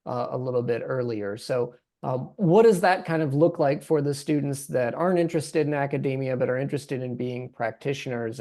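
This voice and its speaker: A man's voice: medium pitch, warm tone. A man moderating an academic panel, talking conversationally with frequent restarts and "right?".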